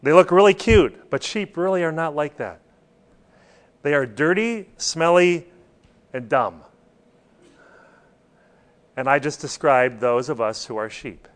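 A man's voice: on the high side, lively intonation, measured pace, long pauses. A man preaching a sermon, stressing points and putting questions to his listeners. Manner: rhetorical questions to the congregation, emphatic.

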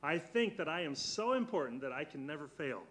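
A man teaching a church Bible class, earnest, putting questions to his students and slowing down on key words. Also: fairly high pitch, big pitch swings, fairly bright tone.

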